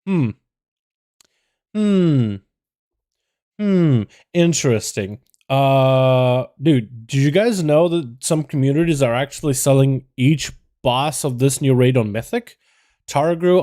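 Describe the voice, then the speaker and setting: A young man hosting a game livestream, chatting casually and excitably, greeting his chat with lots of slang. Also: on the high side. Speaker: streamer hosting game duels.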